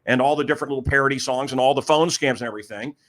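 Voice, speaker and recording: A man's voice: mid-range voice, racing. A middle-aged man hosting a podcast, telling rambling stories in a casual chat and acting out the voices of people he quotes. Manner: rambling, animated, acts out quoted dialogue. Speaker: podcast host. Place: room in a house.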